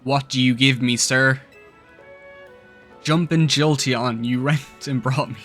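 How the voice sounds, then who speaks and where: Bright-voiced excitable gaming guy. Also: mid-range voice, normal speed, soft background music. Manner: excitable, emotional, keeps exclaiming. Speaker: gaming YouTuber. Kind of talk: let's-play commentary.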